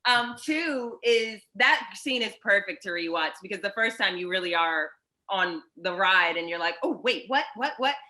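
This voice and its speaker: Bright-voiced young woman guest. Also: medium pitch, normal speed. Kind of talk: casual film chat.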